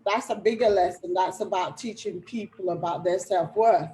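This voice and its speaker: A woman's voice: medium pitch, moderate pace, mellow, a little hiss or hum, rough recording. A woman hosting a talk show, affirming her guests and reading out viewer comments. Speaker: host. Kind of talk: conversational talk show discussion.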